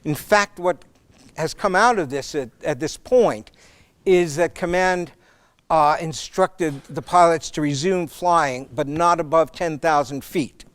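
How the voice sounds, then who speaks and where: A man's voice: a little high, no echo. A man speaking as a guest lecturer on leadership, telling stories with some fillers and restarts.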